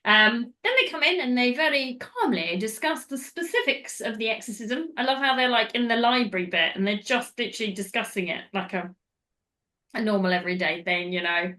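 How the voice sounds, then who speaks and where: A woman's voice: on the high side, lively intonation, a little fast, bright, forceful tone. A woman hosting a podcast, recapping a film in casual, rambling chat that goes off on tangents. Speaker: podcast host.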